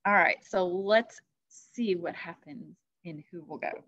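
A woman teacher reads a children's chapter book aloud, taking her time over every phrase. Her voice sits low, and the recording is dry and slightly muffled. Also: no echo. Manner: slow, expressive storytelling.

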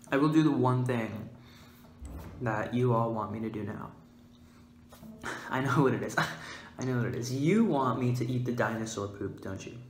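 A man hosting a mock-scientific comedic vlog, playful and goofy, giggling and breaking into sudden loud, high outbursts. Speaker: vlogger. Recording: roomy echo, faint background hiss.

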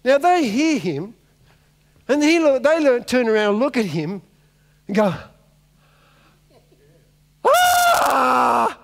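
Very high and sing-song, the man's voice moves at normal speed and pauses often. As pastor, he delivers a sermon by acting out a Bible story with comic energy, and the recording carries the long reverb of a large church hall.

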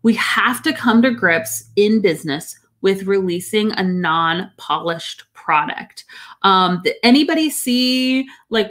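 A woman's voice: a little high, slow, fairly bright tone. A woman business coach teaching in a casual, upbeat livestream, full of fillers and "right?" check-ins. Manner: upbeat, chatty, many "right?" tags and fillers.

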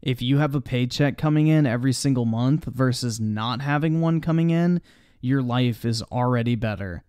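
A man's voice: medium pitch, normal speed, mellow, smooth, no room sound, studio quality. A man commenting on a video during a live stream, mocking it sarcastically with heavy swearing and reading viewer chat aloud.

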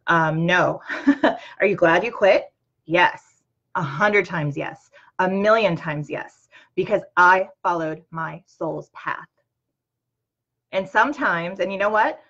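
A woman's voice: fairly low pitch, slow pace, fairly bright tone. A woman in her thirties hosting a motivational talk, earnest and conversational, with many ums and you-knows. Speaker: host. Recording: dull lo-fi sound.

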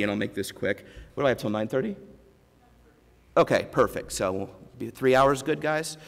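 A man giving a keynote speech, telling a candid personal story with self-deprecating humor and halting restarts, on a lavalier mic. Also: mid-range voice, lively intonation, creaky. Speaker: keynote speaker. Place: large conference hall before an audience. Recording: long hall reverb.

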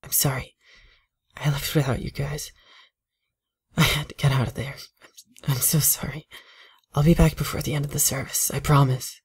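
A distraught young woman, shaky and half-whispering through her grief, as a narrator puts her on. Soft and fragile in a horror story reading. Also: fairly high pitch, little pitch movement, fairly quick, breathy edge. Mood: hushed apology.

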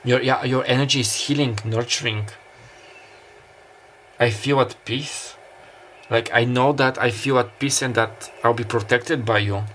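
With a fairly bright tone, medium pitch, and fairly even intonation, a man hesitantly works through a pick-a-card tarot reading, musing aloud with many fillers and restarts. There's slight background noise and faint summer beach ambience.

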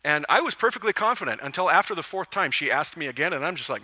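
A man preaching to his church congregation, his voice very bright and ringing. He pitches a little higher than most men and keeps the message lively with jokes and acted-out lines. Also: fast talker, in a large hall. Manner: lively, joking storyteller who acts out quotes. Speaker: pastor. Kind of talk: sermon. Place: church service.

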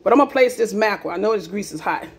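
A woman's voice: medium pitch, animated, rapid-fire, background noise. A woman hosting a casual cooking demonstration in her home kitchen, chatty and repeating herself with lots of "okay?" asides. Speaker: cooking video host.

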